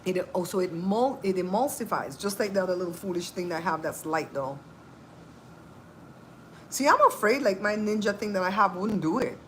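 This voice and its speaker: A woman's voice: mid-range voice, moderate pace, a little hiss or hum, rough recording. A woman hosting a cooking channel, talking in a casual, sassy, chatty way. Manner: animated, chatty, sassy asides. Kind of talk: casual chat.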